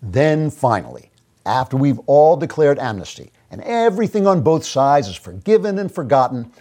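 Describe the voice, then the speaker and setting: A man's voice: medium pitch, sing-song, normal speed, dark tone. A man hosting his own show, delivering a sarcastic, mock-grandiose commentary monologue. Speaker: host.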